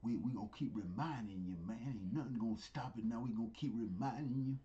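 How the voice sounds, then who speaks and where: A man preaches in a loose, conversational style, circling back to the same phrases. His voice is mellow and a little dark. The sound is slightly dull and lo-fi. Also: mid-range voice, quick pace. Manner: loose, conversational, repetitive, with sudden whispers and rising exclamations. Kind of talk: informal street sermon.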